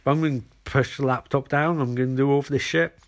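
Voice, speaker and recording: A man's voice: mid-range voice, steady tone, fast talker, close to an everyday voice. A man voicing a smug, dismissive male villain who boasts about his plans.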